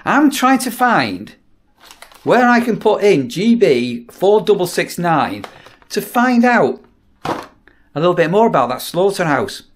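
A man's voice: sits high, very animated, takes it slowly. A middle-aged British man, a campsite warden, talking casually to his viewers in a rambling vlog, asking them questions as he goes. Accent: British English. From United Kingdom. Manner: chatty, asks viewers questions, repeats words when restarting.

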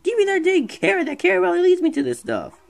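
A streamer giving casual let's-play commentary, excitable and rambling, talking back to the game. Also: very high voice, fast talker, creaky. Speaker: gameplay streamer.

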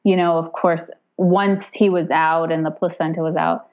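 Woman in her 30s, casual storyteller, lowish voice, animated, fillers; dull lo-fi audio. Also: moderate pace. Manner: animated, acts out quoted voices with raised pitch, frequent fillers and laughs. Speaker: podcast guest telling her birth story.

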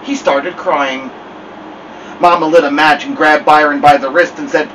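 A man reading a children's novel aloud with expressive storytelling. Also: on the high side, moderate pace, distant mic, slight background noise, poor audio. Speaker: storybook reader.

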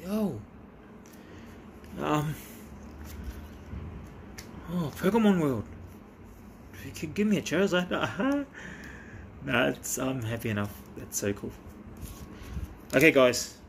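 A man talking casually as a vlogger while opening trading cards, excitable and chatty with quick bursts of delight. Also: fairly high pitch, vocal fry, a little hiss or hum. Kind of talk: casual chat.

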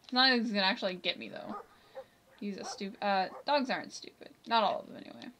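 Bright-voiced woman chatting over gameplay. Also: medium pitch, fast talker, slight background noise. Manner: chatty, giggly, talks to the game characters. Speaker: gameplay commentator. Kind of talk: casual let's-play commentary.

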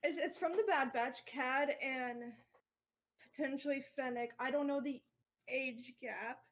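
A woman with a high voice in casual podcast talk. She hedges and backtracks, leaning on fillers as she works out her thoughts. Her delivery is loose and unpolished. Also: measured pace, a bit bright, a little hiss or hum. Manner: hesitant, filler-heavy.

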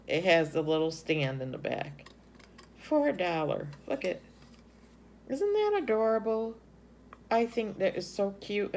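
A woman's voice: fairly low pitch, slight background noise. A middle-aged woman chatting casually in a haul video, gushing over items with lots of ums. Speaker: haul vlogger. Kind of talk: casual show-and-tell chat.

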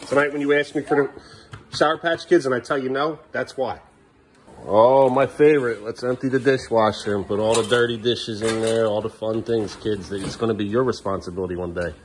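A tired father chatting casually with his young kids in the kitchen of the family home, weary and exasperated, sometimes raising his voice and often trailing off low and mumbly. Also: steady tone, a little fast, a little hiss or hum. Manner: raises his voice at a defiant child.

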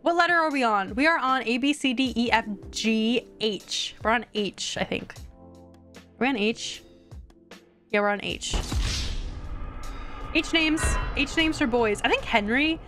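A woman live-streaming a game, talking casually and excitably straight to her viewers. Her voice sits fairly high, and faint music plays underneath. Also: measured pace, pauses often. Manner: chatty, excitable, talks to viewers.

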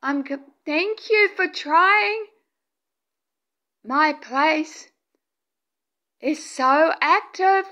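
A woman filming a paranormal vlog, breathless with excitement, calling out to spirits and pleading softly with them to appear. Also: high-pitched, drawn-out words, long pauses, muffled recording. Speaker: paranormal video maker.

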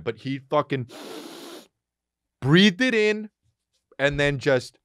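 A man hosting a comedy podcast, reacting to a clip with loud, profane, laughing commentary. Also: mid-range voice, very animated, normal speed, dry recording, studio quality. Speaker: podcast host.

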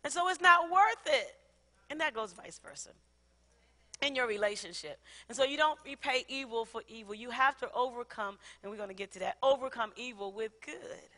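Woman preaching in a big church hall, high bright voice, long echo, laughs a lot. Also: normal speed. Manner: laughing often, call-and-response with congregation. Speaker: pastor. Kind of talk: sermon. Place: large church sanctuary.

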